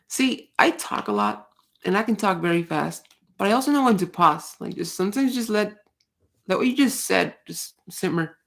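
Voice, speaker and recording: Woman, livestream host, casual rant, low pitch, lots of fry, blunt and profane. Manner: blunt, swears a lot, rambling with restarts. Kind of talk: casual ranting chat.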